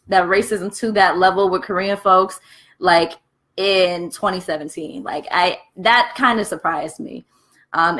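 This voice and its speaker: Candid, foul-mouthed young woman vlogging. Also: mid-range voice. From United States. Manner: candid, profane, animated storytelling; talks while eating. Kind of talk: casual vlog chat.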